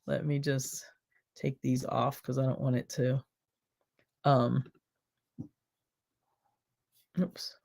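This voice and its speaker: A woman's voice: extremely low pitch, flat delivery, drawn-out words, vocal fry, pauses often, a little mellow. A woman hosting a casual home livestream, chatting and rambling directly to her viewers. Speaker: cooking show host. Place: home, by a back window.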